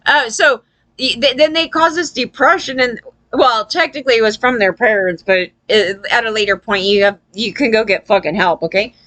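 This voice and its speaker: A woman's voice: a little high, normal speed, a bit bright. A woman giving a loose, profane opinion rant to her viewers, often tagging lines with "right?" and acting out quoted people. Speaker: vlogger.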